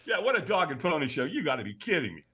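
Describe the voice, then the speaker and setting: A middle-aged man telling his story as a guest in an interview. His voice is bright and forceful, and he swings his pitch widely. He speaks with emphatic, animated energy. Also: fast, breathy edge. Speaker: podcast guest.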